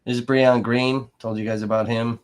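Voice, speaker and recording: A man's voice: medium pitch, level tone, moderate pace. A man hosting a livestream, talking casually and ranting angrily with heavy swearing. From Milwaukee area. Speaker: livestream host. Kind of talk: profane livestream commentary.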